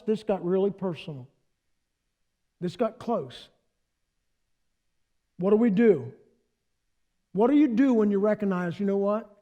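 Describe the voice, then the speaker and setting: A male pastor preaching a sermon with a very high-pitched voice. He is animated and playful, and he speaks directly to the congregation, inviting them to join in. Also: dull audio.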